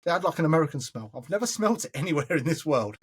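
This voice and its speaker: A man's voice: on the high side, very animated, racing, slightly rough. An Englishman hosting a podcast, chattily telling stories and calling his listener mate. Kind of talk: casual storytelling chat.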